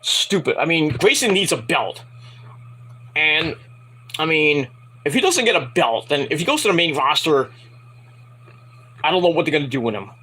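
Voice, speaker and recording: A man's voice: fairly high pitch, animated, normal speed, long pauses, bright, forceful tone, husky, poor audio. A man giving a casual, rambling wrestling review from home at night, profane and frustrated.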